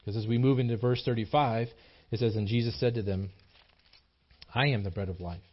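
With the highs cut off, the recording captures a brisk, steady, mid-range male voice. A pastor preaching in a small church, he is emphatic and earnest, repeating himself and often starting over as he builds toward his points.

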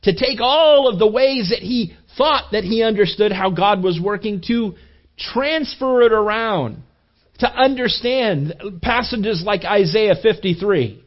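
A male pastor preaching a sermon in an animated storytelling manner, with frequent restarts. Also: high voice, a little slow, highs cut off. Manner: animated storytelling, acting out quoted voices, repeated restarts.

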